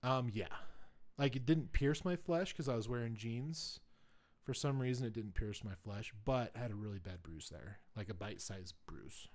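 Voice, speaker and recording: A man with an ordinary mid-range voice tells a long story on his podcast in a casual, rambling way. He leans on fillers like "um" and "you know" and restarts his sentences often. He grows louder and more excited as he recounts the events. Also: medium pitch, normal speed. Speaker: podcast host.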